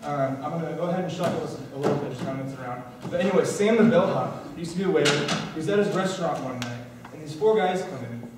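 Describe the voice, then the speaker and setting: A man's voice: fairly high pitch, fast, few pauses. A young man performing as a magician at a college talent show, telling a casual story full of fillers as he works a card trick. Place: college talent show stage, large room. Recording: echoey hall, voice far off, noisy.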